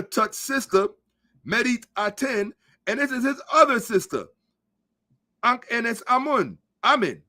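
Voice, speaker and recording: In a high-sitting, bright voice with a forceful tone, a man hosts a podcast and rants about social issues. The monologue is blunt, emphatic and profane, and he lectures his listeners throughout.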